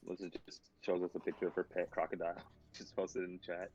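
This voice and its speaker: A very deep-voiced man trading jokes with his friends during a tabletop game. His voice comes through a dull, lo-fi online call, and he keeps the banter casual. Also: level tone, fast talker, a little mellow. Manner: wisecracking. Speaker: player.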